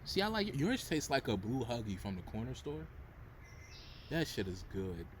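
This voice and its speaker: A man's voice: mid-range voice, big pitch swings, moderate pace, slight background noise. A young man co-hosting a casual podcast, joking and easygoing. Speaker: podcast co-host. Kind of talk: casual chat.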